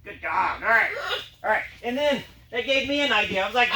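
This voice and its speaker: A man's voice: high-pitched, animated, brisk, pushed and bright. Man telling a story while cueing dogs. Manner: rambling, breaks off to cue the dogs. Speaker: dog trick performer. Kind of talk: storytelling dog trick show. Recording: roomy, distant mic, background noise.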